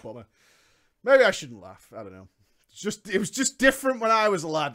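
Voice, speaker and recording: A man's voice: high-pitched, wildly swooping pitch, brisk, pushed and bright. A man reading a story aloud and breaking into mocking asides, laughing often as he comments.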